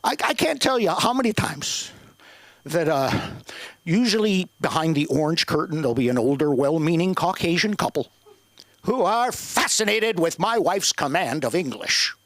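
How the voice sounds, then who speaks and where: A man's voice: on the high side, animated, moderate pace, a bit bright, no room sound. A man doing a profane, self-deprecating stand-up set on a comedy club stage.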